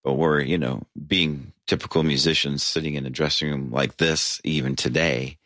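A man's voice: a bass voice, steady tone, normal speed, a bit bright, dry recording, studio quality. A man, a band member, telling stories in a casual interview, rambling with restarts and fillers. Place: basement of a tavern.

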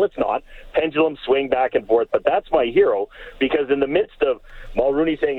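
A man speaking as a panelist in a radio discussion, exclamatory and animated as he tells a story. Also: mid-range voice, fairly quick, no room sound. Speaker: political panelist. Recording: tinny phone line, dry.

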